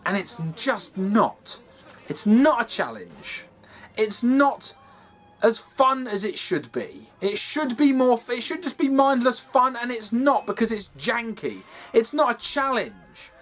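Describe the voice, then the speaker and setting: A man's voice: very high voice, sing-song, slow, a bit bright. A man ranting in a sweary, exasperated way as he reviews a game over gameplay, from his games room at home. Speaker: gaming video host.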